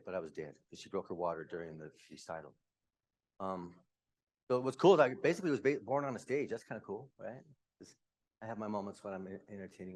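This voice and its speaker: A man in his fifties from Utah, candidly telling his own life story to a room, with quick asides. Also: on the low side. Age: 50s. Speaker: speaker. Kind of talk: personal story talk.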